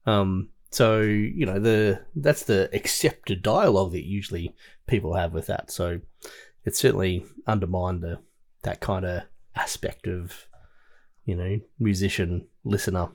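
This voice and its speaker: A man's voice: low voice, measured pace, a little mellow. A man co-hosting a casual film podcast, rambling with many fillers as he talks about music. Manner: rambling, lots of "like" and "you know". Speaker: podcast co-host.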